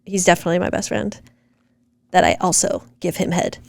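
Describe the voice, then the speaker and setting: A woman's voice: on the low side, steady tone, brisk, gravelly, no echo. Blunt fired-up woman. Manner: blunt, fired-up, swears casually. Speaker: podcast co-host. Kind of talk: casual chat reacting to comments.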